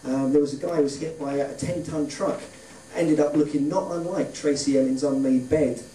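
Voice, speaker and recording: Deadpan stand-up man in a roomy club. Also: a little high, normal speed, a little hiss or hum. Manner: deadpan one-liners with offhand asides. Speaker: stand-up comedian. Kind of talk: stand-up set. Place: comedy club stage. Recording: roomy club sound, distant from the mic. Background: audience laughter.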